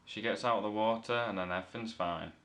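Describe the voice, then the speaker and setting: A man's voice: lowish voice, fast, a bit bright, a little hiss or hum. A man from the north of England giving a rambling, playful comic movie review full of self-corrections.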